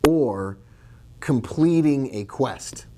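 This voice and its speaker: Man, trading teacher, casual lesson, mid-pitched voice, chatty, digressive. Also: expressive, very slow, warm tone, slight background noise. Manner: chatty and digressive, jokes and asides. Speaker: trading educator.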